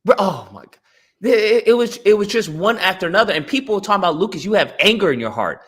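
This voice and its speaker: Animated high-voiced man telling stories. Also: fast talker. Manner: animated storytelling, acts out quoted voices. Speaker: guest. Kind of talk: casual podcast chat.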